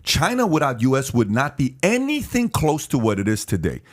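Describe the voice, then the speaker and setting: A male podcast host argues his case, pushing back and cutting in on his guest. He repeats lines for emphasis and his voice sits in an ordinary middle pitch. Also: wildly swooping pitch, normal speed. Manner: pushy, interrupts, repeats points for emphasis. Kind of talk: debate on a podcast.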